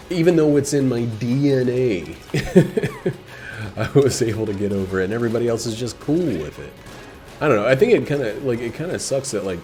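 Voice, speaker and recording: A man's voice: low voice, a little mellow. A man giving casual, meandering commentary while he plays a video game, swearing freely and trailing off into fillers. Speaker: gameplay commentator. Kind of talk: casual rambling commentary over gameplay.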